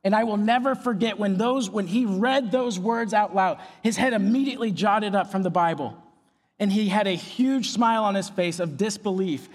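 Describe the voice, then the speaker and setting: A young man preaching a sermon as pastor, earnest and emphatic, with phrases repeated for weight. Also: high voice. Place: large auditorium. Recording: long hall reverb.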